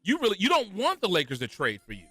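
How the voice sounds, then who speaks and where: A male sports radio co-host from California with a fairly high, bright and forceful voice. He talks in an animated, playful way, his pitch swinging widely. The studio sound is dry, with faint music underneath. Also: fast talker, husky, no echo. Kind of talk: casual sports talk radio. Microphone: studio microphone.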